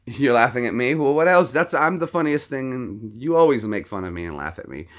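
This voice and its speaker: A man's voice: medium pitch, lively intonation, a little fast. A man casually chatting with his live-stream viewers between impressions, rambling and friendly. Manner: chatty, rambling, talks to chat.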